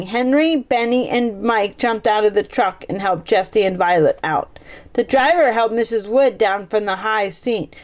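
A woman reading a children's chapter book aloud to a child, lively, with small slips and restarts. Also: low-quality recording. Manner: lively, pitches up for children's lines.

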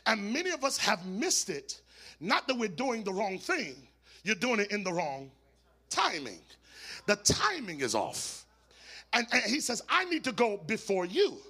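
Raspy, high-pitched preaching man. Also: wildly swooping pitch, unhurried. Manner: building from low and quiet to shouted, sing-song preaching. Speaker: pastor. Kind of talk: sermon.

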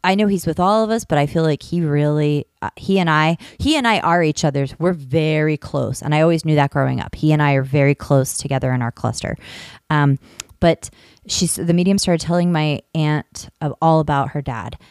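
A woman casually telling a long personal story on a podcast, rambling and animated, swearing freely. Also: sits low, normal speed, smooth, no room sound, clean studio sound.

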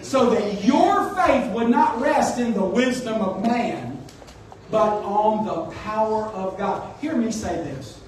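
A man's voice: sits high, expressive, slow pace, darkish tone. A man preaching a sermon as pastor, emphatic and exhorting his congregation. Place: church sanctuary. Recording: echoey church hall, mic at a distance.

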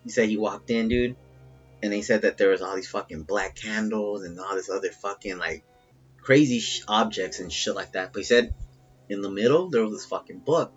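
A man casually telling a long, profane, rambling story from his family, getting animated as it builds. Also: on the low side, normal speed, breathy edge, muffled recording, faint music behind. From Salvadoran family.

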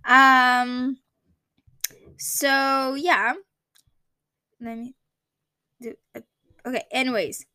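A Greek vlogger in her twenties, with a high, sharp, smooth voice, tells a personal story in a rambling, casual way, often searching for the right English words. Her delivery is flat and very slow with frequent pauses, recorded dry and close with no room echo.

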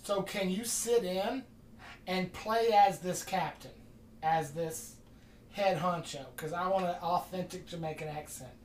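A casual podcast storyteller who rambles and acts out every quoted exchange. The voice sits at a middle pitch and sounds roomy, picked up from a distance by the mic with faint ambience behind it. The delivery is loose and conversational. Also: unhurried, a little hiss or hum. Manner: rambling, animated retelling with quoted dialogue. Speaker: podcast host. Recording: distant mic in an echoey room.

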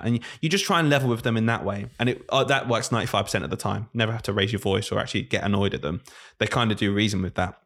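Speaking very fast with hardly a pause, this fairly low-voiced man in his late twenties works as a primary school teacher. On a casual podcast, he tells lively stories and imitates the voices of his pupils.

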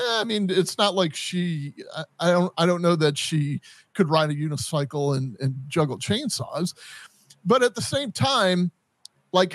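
Male podcast host, slightly high voice, dry close sound, chatty, stammers and restarts a lot. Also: no echo. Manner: animated, halting, lots of restarts and stammers. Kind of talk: casual chat.

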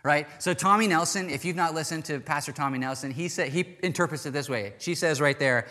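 A man's voice: on the high side, a little fast, hardly any pauses, bright, forceful tone. A man preaching a casual, chatty sermon to a congregation. He acts out the quoted lines in little voices as he goes. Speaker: pastor. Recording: long hall reverb.

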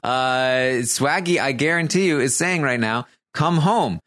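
A man's voice: medium pitch, unhurried, bright, forceful tone, dry recording, studio quality. A man hosting a casual recap show, hesitant and full of fillers and restarts. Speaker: podcast host.

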